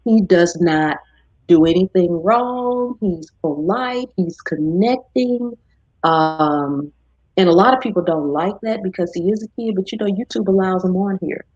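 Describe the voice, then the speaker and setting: Woman host, husky and low, chatty live-stream talker, dull dry audio. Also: measured pace, no echo. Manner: chatty, animated when quoting others. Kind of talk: casual chat.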